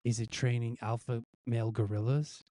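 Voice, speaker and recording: Male live-stream host, dark mellow tone, dry close sound, playful quiz reader. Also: medium pitch, level tone, normal speed, dry recording. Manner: jokey, reads quiz questions aloud and guesses the answers himself; chuckles at his own gag answers. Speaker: news show host.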